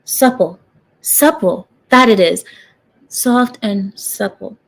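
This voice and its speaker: A woman's voice: medium pitch, slow pace, creaky. Young woman vlogger, sarcastic, rambling, chatty rant to camera. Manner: sarcastic, rambling, talks straight to viewers. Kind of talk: casual talking-head rant.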